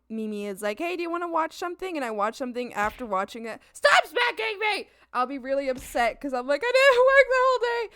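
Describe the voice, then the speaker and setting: A woman's voice: on the high side, fairly bright tone. A young woman streaming her art at home, chatting casually while she draws, bubbly and breaking into squealed exclamations. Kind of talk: casual chat while drawing. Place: home apartment.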